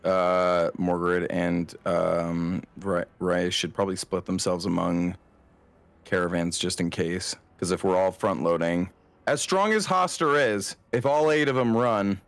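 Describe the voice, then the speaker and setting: A man's voice: deep voice, measured pace. A man playing a tabletop game, planning aloud in a hesitant, casual way. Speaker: player.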